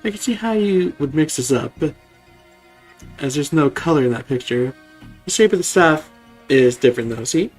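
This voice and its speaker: A man voicing a kind male healer Digimon, reading game dialogue aloud in a polite, hurried way. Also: on the high side, expressive, a little mellow, soft background music. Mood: caring.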